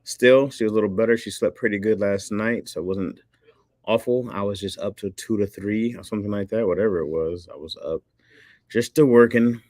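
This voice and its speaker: A man with a Michigan accent chatting casually with viewers, loose and joking, a little tired, often mimicking other accents with sudden high squeaks. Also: fairly quick, a little mellow, no room sound, studio quality. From Midwest. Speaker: livestream host.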